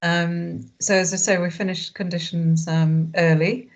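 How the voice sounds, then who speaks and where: A woman's voice: fairly low pitch, little pitch movement, a little slow. A woman chairing a formal planning inquiry over a video call, polite and hesitant with dry humour. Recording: dull lo-fi video call audio.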